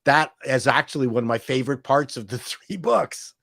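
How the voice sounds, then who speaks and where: A man with a Toronto Canadian accent, a guest in a casual chat, telling animated stories and quick jokes. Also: medium pitch, vocal fry, no echo, studio quality.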